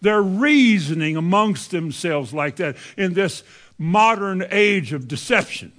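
A man's voice: sits high, lively intonation, unhurried, fairly bright tone. A man in his seventies preaching a conversational sermon, full of rhetorical questions and wide swings in delivery. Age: 70s.

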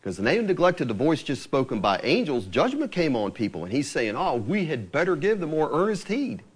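A man preaching a sermon, quoting scripture with lively, rising emphasis. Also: fairly high pitch, brisk, slightly rough.

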